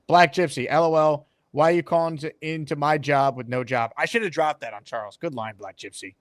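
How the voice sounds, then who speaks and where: A brash young man hosting a sports talk show, teasing his callers with quick jokes. His voice sits a little high. The sound is dry and close. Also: no echo. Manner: brash, joking, rapid. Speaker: host.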